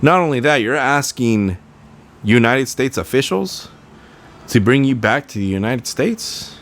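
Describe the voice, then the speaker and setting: A man's voice: medium pitch, animated, measured pace, a bit bright. A man in his twenties hosting a casual solo podcast, rambling through tangents with a sarcastic edge. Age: 20s. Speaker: podcast host.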